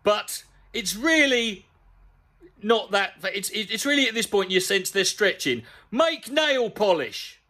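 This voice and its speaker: A man with a fairly high voice that swings all over the place. He reads out an article and tears into it with sarcastic, sweary asides, sounding exasperated throughout. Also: lively intonation, unhurried, sharp tone. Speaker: comedy YouTuber. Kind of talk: sweary comedic rant reading an article aloud.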